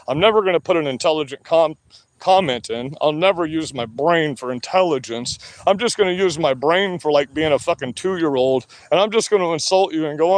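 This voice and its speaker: A man with a fairly high-pitched voice rants at his viewers on a livestream. He sounds combative and taunting, and he swears freely. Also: expressive, fairly quick. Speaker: livestream host. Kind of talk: ranting livestream talk to viewers.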